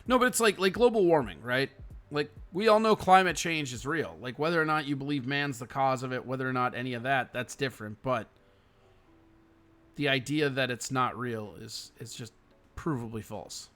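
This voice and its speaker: A man at a mid-range pitch runs a laid-back livestream, reading out chat messages and firing back blunt, swear-heavy replies. He sighs and yawns between thoughts. Faint music plays underneath. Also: moderate pace, fairly bright tone. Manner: profane, blunt, reacts to chat comments; frequent yawning and sighing.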